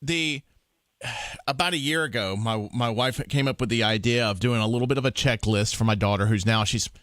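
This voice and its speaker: A man hosting morning news, talking in a chatty, halting way. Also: medium pitch, a bit bright, dry recording, studio quality. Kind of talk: casual chat.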